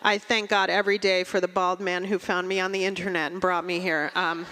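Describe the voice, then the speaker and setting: Brief: dry, deadpan stand-up woman, bright voice, long reverb of a live venue. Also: on the low side, fairly quick. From Russia. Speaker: stand-up comedian. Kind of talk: stand-up comedy set.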